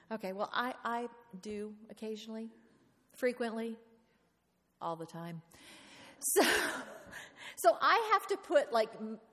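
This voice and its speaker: Woman, preacher, lively sermon, playful, questions the congregation, reverberant church hall. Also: a little high.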